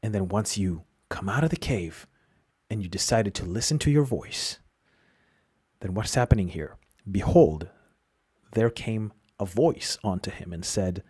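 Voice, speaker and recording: Husky-voiced man hosting a reflective podcast. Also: on the low side, lively intonation, moderate pace, a little mellow. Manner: reflective, explanatory, with frequent restarts. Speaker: podcast host. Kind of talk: solo podcast monologue.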